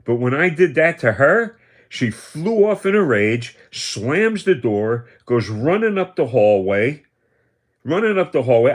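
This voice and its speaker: In a sing-song, mid-range voice at a somewhat slow pace, a man in his seventies rants confrontationally on his livestream. He taunts and accuses, repeating himself as he goes.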